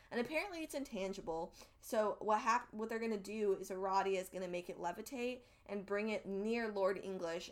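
A woman's voice: medium pitch, a bit bright. A young woman casually recapping a webcomic, rambling and swearing freely as she acts out what the characters said. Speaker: podcast co-host recapping a webcomic.

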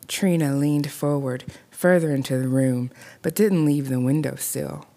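A woman narrating a scripted horror story in a measured, deliberate way. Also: low voice, warm tone.

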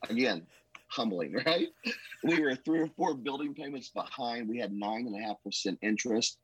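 A man who is a pastor telling his life story in an emotional, earnest way, with a husky voice. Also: lowish voice, animated, moderate pace, dry recording, rough recording. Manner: emotional, earnest, says "man" and "bro" often. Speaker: pastor, podcast guest. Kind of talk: testimony storytelling.

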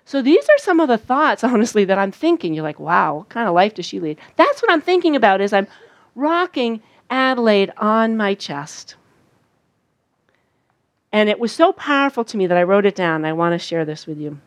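An older woman giving a sermon at a camp, telling stories and acting out quoted voices in an animated way. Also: medium pitch, moderate pace, dry recording. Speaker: speaker at a church camp. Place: outdoor camp gathering.

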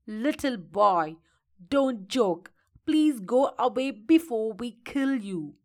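A woman's voice: fairly high pitch, big pitch swings, takes it slowly, heavily acted. A woman voicing an angry eldest witch in a storybook reading, curt and threatening.

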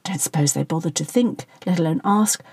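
A woman's voice: deep voice, brisk, gravelly, darkish tone, husky, no room sound, full character voice. A woman voicing a fretful male politician. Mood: gossipy. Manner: moaning, gossipy. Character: worried, self-important middle-aged male politician.

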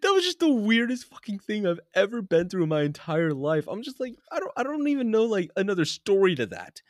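A young man co-hosting a casual chat, telling a story in an animated way, swearing freely and laughing often. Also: high-pitched, brisk, no echo, studio quality.

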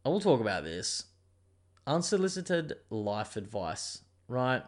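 A man's voice: mid-range voice, sing-song, measured pace. A young man, hosting a casual monologue show. He rambles and digresses and swears freely. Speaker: podcast host.

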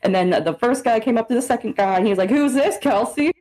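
A young American woman co-hosting a podcast, telling a story in an animated, expressive way. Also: mid-range voice, rapid-fire, rough recording. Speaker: podcast co-host. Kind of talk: casual chat, storytelling.

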